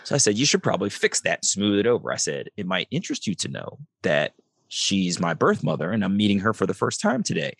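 Low-voiced middle-aged man telling a story. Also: a little fast, gravelly, husky, dry recording. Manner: animated storyteller acting out quoted dialogue. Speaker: podcast guest. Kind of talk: storytelling interview.

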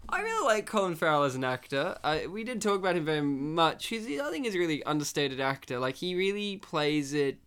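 A man's voice: fairly high pitch, sing-song, a little fast, hardly any pauses, fairly bright tone, clear, resonant tone. A man hosting a casual film discussion, rambling and playful and teasing his co-hosts.

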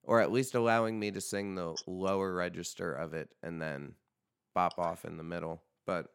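A young man with a deep, smooth voice hosts a casual podcast chat. He rambles, swears freely and jokes around. His voice is recorded close and dry. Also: fairly even intonation, moderate pace, dry recording. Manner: rambling, profane, loose and joking. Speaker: podcast host and band vocalist.

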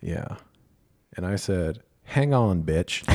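A man's voice: low voice, animated, takes it slowly, warm tone. A man co-hosting a podcast, telling a story in casual chat, wry and laughing often, swearing freely. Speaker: podcast co-host.

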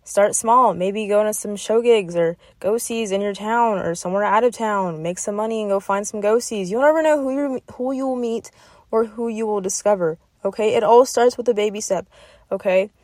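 A woman's voice: mid-range voice, moderate pace, darkish tone, no echo. Encouraging woman podcast host, dry sound. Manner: encouraging, repeats "okay?" often. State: getting emotional. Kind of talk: motivational podcast talk.

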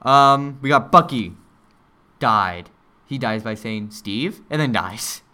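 A man chatting casually about a film he just watched, retelling scenes with animated energy and quick bits of quoted dialogue. His voice is smooth and resonant. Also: medium pitch. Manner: animated recapping, acting out characters' lines. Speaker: movie discussion co-host. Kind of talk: casual chat.

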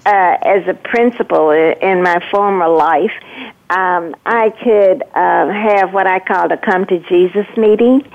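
A woman leadership coach speaks as a guest on a radio show, with a low, gravelly voice. She explains her ideas earnestly, pausing with fillers as she goes. She comes through a tinny phone line.

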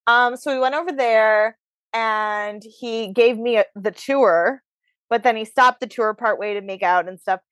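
A woman's voice: fairly high pitch, measured pace, a bit bright, dry recording. A woman hosting a podcast, chatting frankly and casually about her dating life. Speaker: podcast host. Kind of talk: casual chat. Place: New York.

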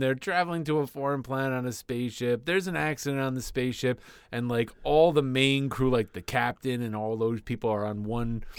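A man's voice: mid-range voice, smooth, dry recording. A man co-hosting a podcast, rambling casually with profanity and laughter. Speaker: podcast co-host. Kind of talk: casual chat.

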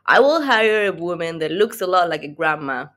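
A woman's voice: on the low side, expressive, moderate pace, a bit bright. A woman guest on a casual podcast who giggles often and rambles while she thinks aloud.

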